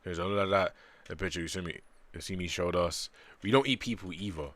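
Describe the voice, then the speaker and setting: A man's voice: sits low, fast, fairly bright tone, dry recording. A man voicing a polite, earnest young male alien in a manga read-aloud.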